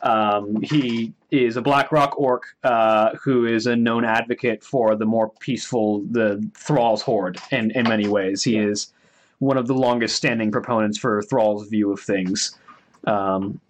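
A man's voice: on the low side, steady tone, a little slow. Man narrating as game master. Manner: hesitant, many filler words.

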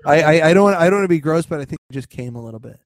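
Rambling man with a fairly high voice. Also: animated, dry recording. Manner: rambling, halting restarts, jokey. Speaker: podcast co-host. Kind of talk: casual chat.

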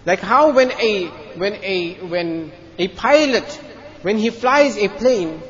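A man's voice: sits high, expressive, takes it slowly, a bit bright, highs cut off. A man giving a Friday sermon in a mosque, earnest, often repeating his phrases as he makes his points. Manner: earnest, repeats phrases, tells a joke story. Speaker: mufti giving Friday lecture.

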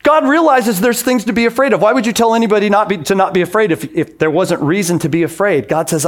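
Conversational preaching man, slightly high voice. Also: brisk, hardly any pauses. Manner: conversational, acts out quoted voices. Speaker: pastor. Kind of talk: sermon.

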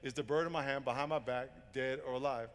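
A man's voice: medium pitch, steady tone, quick pace, a bit bright, voice pushed down, close to an everyday voice. A man voicing a brash, cocky teenage boy who taunts and boasts, in a reverberant hall. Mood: taunting.

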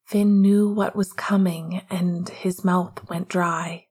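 Give me a woman reading romance narration in a breathy, hushed half-whisper. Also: lowish voice, level tone, slow. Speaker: audiobook narrator.

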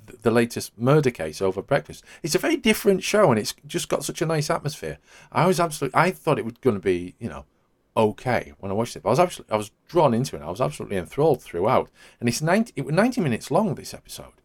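A man, hosting a podcast in casual chat and rambling hesitantly with many hedging fillers. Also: on the low side. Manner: rambling, hesitant, full of "sort of" hedges. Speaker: podcast host.

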